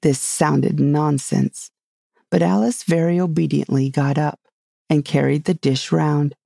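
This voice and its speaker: A narrator reading a storybook aloud in a steady, measured way. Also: mid-range voice, gravelly, no room sound, studio quality.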